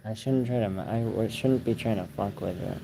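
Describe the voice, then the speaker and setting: A man's voice: on the low side, a little fast, creaky, noisy background. A young man hosting a casual livestream outdoors under a tree, reading viewer comments aloud in a laid-back, slangy, profane way. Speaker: livestream host.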